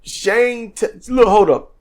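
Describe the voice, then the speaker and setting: A man co-hosting a podcast, giving an animated, joking wrestling review in casual chat. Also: high voice, slow. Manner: animated, acts out quotes in silly voices; joking, laughs often. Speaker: podcast co-host.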